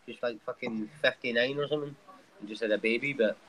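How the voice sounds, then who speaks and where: A chatty man on a fight-night panel show. He talks at an ordinary middle pitch, jokey and loose, swearing freely as he watches. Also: quick pace, a bit bright, low-quality recording. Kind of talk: casual chat watching fights.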